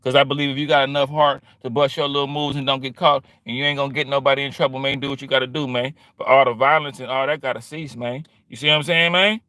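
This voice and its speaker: A middle-aged man streaming a casual monologue, slangy and animated, acting out quoted exchanges. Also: medium pitch, quick pace, few pauses, no echo.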